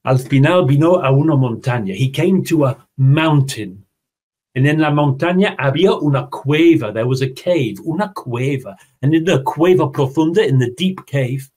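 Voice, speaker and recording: A man's voice: medium pitch, husky. A man, a teacher trainer, telling a story expressively and then explaining it to his audience in an online teaching seminar. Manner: slow, expressive storyteller, addresses the audience directly.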